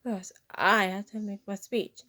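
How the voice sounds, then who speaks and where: A woman voicing a hyper, eager young male sea sponge in a fan storybook reading, shouting drill-like proclamations. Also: mid-range voice, steady tone, a little slow. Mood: speechifying.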